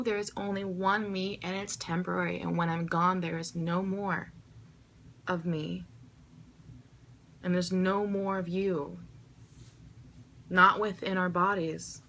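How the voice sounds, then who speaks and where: A woman's voice: lowish voice, level tone, takes it slowly, long pauses, fairly bright tone. A young woman vlogging to her viewers in an emotional, heartfelt way, swearing freely and urging them to love themselves. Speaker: vlogger answering viewer questions. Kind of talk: emotional direct-to-camera vlog.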